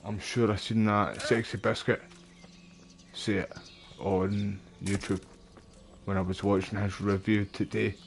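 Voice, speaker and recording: A man's voice: lowish voice, flat delivery, unhurried, creaky, long pauses, a little hiss or hum. A young Scottish man streaming a game, chatting casually to his viewers and calling them mate. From Scotland. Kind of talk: casual live-stream chat while playing.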